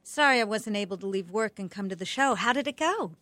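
A woman's voice: mid-range voice, lively intonation, fairly quick, a bit bright, dry recording, close to an everyday voice. A woman voicing a kindly but busy father. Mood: friendly.

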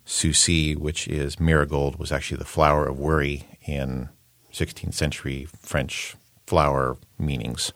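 This man has an extremely low, deep voice and speaks in a thoughtful, measured way, often pausing with an um as he explains. He is a poet and translator being interviewed. The sound is dry and close, with no room around it. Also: little pitch movement, a bit bright, no room sound. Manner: thoughtful, measured, with frequent ums. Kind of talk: interview conversation.

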